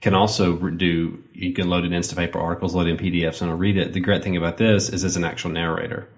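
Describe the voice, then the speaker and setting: A man with a Southern American accent, co-hosting a podcast in a relaxed, rambling way with many fillers. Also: deep voice, fast. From Southern United States. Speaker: podcast co-host. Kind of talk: casual podcast chat with sponsor reads.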